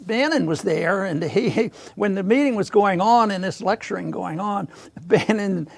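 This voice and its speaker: A man hosting a casual political discussion, halting and repeating words as he chuckles through his points. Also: sits high, lively intonation, gravelly. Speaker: podcast host.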